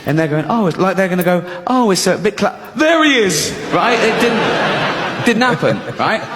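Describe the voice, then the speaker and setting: Animated stand-up comic in a hall. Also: male voice, moderate pace, heavy background noise. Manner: animated, acts out inner voices in shifting pitches. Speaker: stand-up comedian. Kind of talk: stand-up routine. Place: comedy stage. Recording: large hall with audience laughter.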